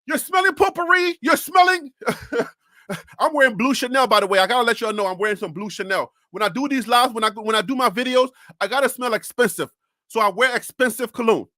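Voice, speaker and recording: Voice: high-pitched, sharp tone, no room sound, clean studio sound. A sports talk host on a live stream who rants animatedly, fires off rhetorical questions and repeats phrases, speaking into a desk USB microphone.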